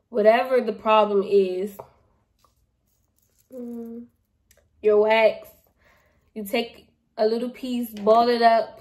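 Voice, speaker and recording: A young adult woman vlogger casually reviewing products in a playful, chatty, slangy way, laughing at herself. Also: mid-range voice. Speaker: beauty vlogger.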